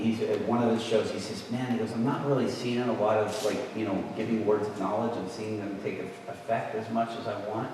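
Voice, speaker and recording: A man preaching by telling a story, lively and conversational, his voice a middle pitch. He sounds some distance from the mic in a large hall with long, heavy echo and a faint hiss of noise. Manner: conversational, animated retelling. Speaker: guest preacher. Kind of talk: storytelling sermon.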